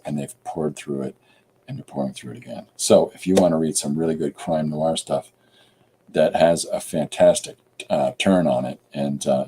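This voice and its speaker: Middle-aged man from Canada, low voice, rambling streamer chat with a faint hiss behind. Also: mellow, rough recording. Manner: chatty and rambling, with many fillers. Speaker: comic artist and live streamer. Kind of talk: casual live stream chat.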